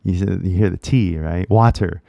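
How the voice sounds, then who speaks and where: A man's voice: lowish voice, lively intonation, moderate pace, darkish tone, no room sound, highs cut off. A man with a Californian accent teaching English in a casual, slangy way, often checking in with "right?". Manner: laid-back slangy talk, keeps tagging "right?". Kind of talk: casual spoken lesson.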